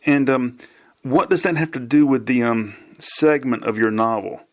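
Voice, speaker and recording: A man's voice: medium pitch, moderate pace, natural voice. A man voicing a fussy man asking hesitant, pedantic questions. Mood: puzzled.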